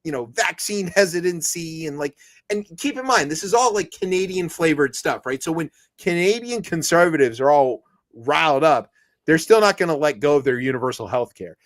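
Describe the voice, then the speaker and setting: Rambling jokey man, higher voice. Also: animated, normal speed. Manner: rambling, jokey, many restarts and put-on quotes. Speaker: podcast co-host. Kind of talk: comedic news chat.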